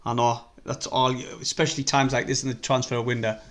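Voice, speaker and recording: A man's voice: mid-range voice, level tone, a little fast, fairly bright tone. A man with a North East English accent chatting casually and rambling through a live stream as a football fan, swearing freely.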